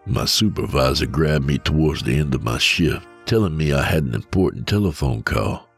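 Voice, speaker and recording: A man narrating a first-person horror story in a calm, measured way. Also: a bass voice, creaky, husky. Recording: soft music under voice.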